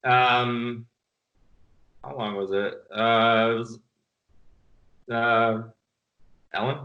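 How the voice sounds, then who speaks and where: A man's voice: mid-range voice, steady tone, very slow, dull audio. A man telling stories in a casual interview, rambling and laughing often. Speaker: film director guest. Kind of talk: casual video-call interview.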